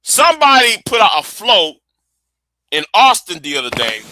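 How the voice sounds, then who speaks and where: A man's voice: high voice, huge pitch swings, moderate pace, pushed and bright, slight background noise. A man from Texas, chatting casually on a livestream in a rambling, profane way with stammering restarts. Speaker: livestream host.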